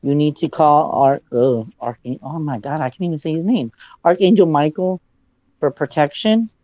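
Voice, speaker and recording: A male psychic giving a dramatic live reading over a video call. He often drops into low, hushed asides. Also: normal speed, no room sound, highs cut off.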